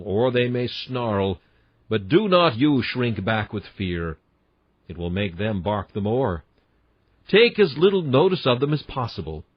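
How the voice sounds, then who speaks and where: A man's voice: lowish voice, no echo, lo-fi sound. A man reading a classic sermon aloud in an emphatic, earnest preaching cadence. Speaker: sermon reader.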